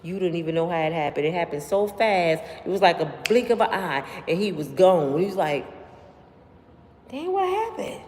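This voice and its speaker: A woman hosting a livestream, telling stories straight to her viewers in an animated, slangy way. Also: on the low side, a little fast, hardly any pauses. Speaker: livestream host. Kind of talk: casual storytelling to live viewers. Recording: long room reverb, faint background noise.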